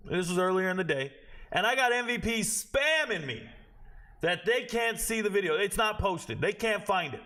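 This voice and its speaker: A man's voice: high voice, bright, forceful tone. A man hosting a sports betting vlog, ranting in a brash, boastful, scolding way. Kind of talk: betting picks vlog rant.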